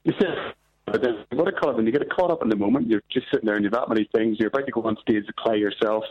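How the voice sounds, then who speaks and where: A man calling in to a radio show, talking in an earnest, rushed way. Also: lowish voice, husky. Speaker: caller. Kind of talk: phone-in call. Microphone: phone line. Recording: dull phone line.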